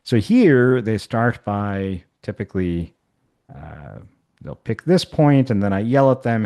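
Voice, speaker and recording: A man with a lowish voice shows colleagues how a math activity works. He talks casually and thinks aloud, with fillers and restarts. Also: sing-song, slow pace, darkish tone. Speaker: math instructor. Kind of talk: workshop software demonstration.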